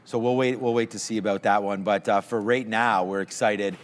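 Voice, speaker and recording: A man's voice: fairly low pitch, steady tone, fairly quick, a little hiss or hum. A man co-hosting a live stock market show, talking in a rambling, conversational way and chuckling at himself now and then. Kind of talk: casual market chat.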